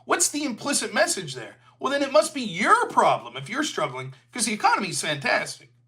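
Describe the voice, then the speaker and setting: A man's voice: high-pitched, huge pitch swings, brisk, pushed and bright. A man hosting a livestreamed political commentary show, talking in a heated, sarcastic way. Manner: sarcastic, heated, slips into mocking voices.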